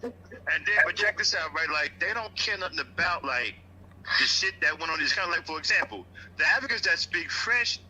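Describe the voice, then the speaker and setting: A man's voice: a little high, lively intonation, normal speed, pushed and bright, husky, rough recording. A man in a podcast discussion, talking bluntly and argumentatively with plenty of swearing. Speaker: podcast guest. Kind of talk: casual chat.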